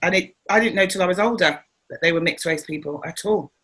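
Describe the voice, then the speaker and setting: A middle-aged woman from England, a comedian, chatting casually as an interview guest and telling her stories in an animated way. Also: on the low side, quick pace, slightly rough. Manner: animated storyteller who acts out voices. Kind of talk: casual conversation.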